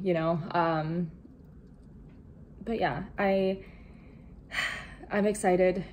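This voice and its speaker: A young woman and new nursing graduate talking to her viewers in a casual vlog, chatty and excited, with many fillers and some nervous laughter. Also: lowish voice, measured pace, long pauses, a little hiss or hum. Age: young adult.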